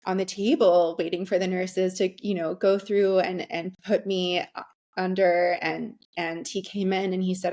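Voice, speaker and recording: A woman's voice: fairly low pitch, level tone, normal speed, darkish tone. Candid woman telling a personal story. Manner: candid, frequent ums and restarts. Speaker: guest. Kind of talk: conversational storytelling.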